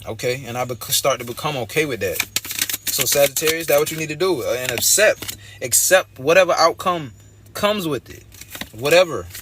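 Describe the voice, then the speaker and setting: A man's voice: fairly high pitch, expressive, moderate pace, a bit bright, slight background noise. A young man giving a casual tarot reading in a blunt, streetwise way, repeating his points as he talks. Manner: loose, conversational, repeats phrases. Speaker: tarot reader.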